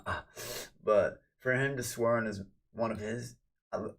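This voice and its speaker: A man chatting casually on a livestream, rambling and ranting, cursing freely and thanking viewers. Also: lowish voice.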